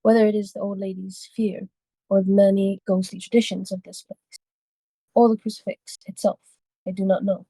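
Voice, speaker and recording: A woman reading a novel aloud for a book club, steady but with small slips and self-corrections. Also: mid-range voice, moderate pace, dry recording, low-quality recording.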